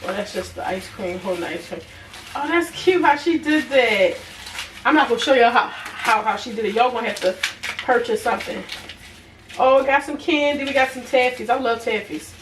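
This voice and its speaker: With a slightly high, fairly bright voice and a fairly quick pace, a young adult woman casually chats with viewers, calling them "y'all," while reviewing products on camera and laughing easily. The room echoes, the mic is a bit distant, and faint noise is audible.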